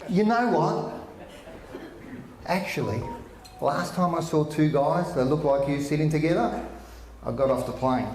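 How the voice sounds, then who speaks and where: A man doing brash stand-up comedy at a live function, teasing the crowd with loud outbursts. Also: a little high, animated, measured pace, pauses often, noisy background. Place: function room with a live audience. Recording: echoey room with audience.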